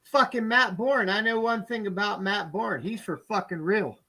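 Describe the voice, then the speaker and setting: A man's voice: sits high, normal speed, pushed and bright. A man co-hosting a casual wrestling podcast, blunt and cursing freely. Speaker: podcast co-host.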